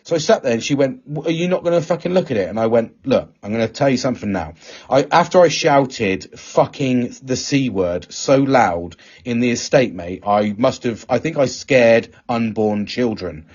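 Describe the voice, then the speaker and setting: A man telling a story in casual chat as a podcast host, animated and swearing a lot. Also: mid-range voice, normal speed, husky. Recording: dull lo-fi recording.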